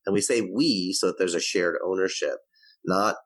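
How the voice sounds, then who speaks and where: A man's voice: low-pitched, brisk, husky, no room sound, rough recording. A man talking as a guest on a parenting podcast, explaining in a coaching tone. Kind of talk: podcast interview.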